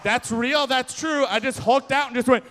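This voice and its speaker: A young man doing stand-up comedy at a live event, telling self-deprecating stories with sudden shouts. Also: very high-pitched, moderate pace, background noise. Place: large hall, live event. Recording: long hall reverb from a live venue.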